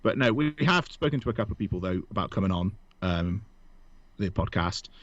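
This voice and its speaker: A man's voice: on the low side, lively intonation, a little fast. Joking British man, lo-fi podcast. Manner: joking, laughs often, self-mocking. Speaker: podcast co-host. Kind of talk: casual chat.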